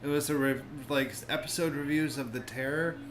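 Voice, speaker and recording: A man's voice: mid-range voice, steady tone, fairly quick, fairly bright tone, a little hiss or hum, poor audio. A man co-hosting a podcast in casual, rambling chat while watching a show. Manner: laid-back, rambling, laughs and coughs. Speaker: podcast co-host.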